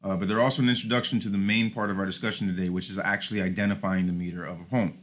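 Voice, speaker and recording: A man's voice: sits low, level tone, rapid-fire, a bit bright. A man teaching a class over slides, explaining step by step with frequent "all right" and "uh" fillers. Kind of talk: recorded lecture over slides.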